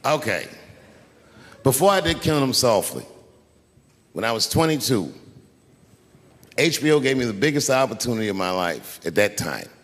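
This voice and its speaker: A middle-aged man telling a long stand-up story on stage, profane and animated, acting out the people in it. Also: mid-range voice, normal speed, pauses often. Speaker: stand-up comedian. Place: large venue on stage. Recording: live stage recording with long hall reverb.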